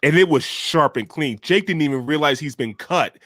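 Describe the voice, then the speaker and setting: A man's voice: on the high side, expressive, normal speed, a bit bright, no echo, clean studio sound. A man co-hosting a casual podcast, rambling through stories with swearing and frequent restarts. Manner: rambling, profane, lots of fillers and restarts. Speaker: podcast co-host. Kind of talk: casual storytelling chat.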